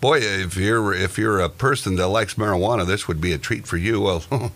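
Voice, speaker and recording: A man with a very deep voice reads quirky news items aloud. He turns them into casual, joking banter with his co-host. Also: normal speed, a bit bright. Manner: reads odd news items then jokes about them.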